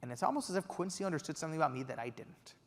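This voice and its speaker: A young man from Los Angeles giving a keynote speech, telling a story with lively energy and acting out the quotes. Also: a little high, very fast. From Los Angeles, USA. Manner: animated, acts out quotes. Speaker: keynote speaker. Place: conference hall stage. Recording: long reverb of a large hall.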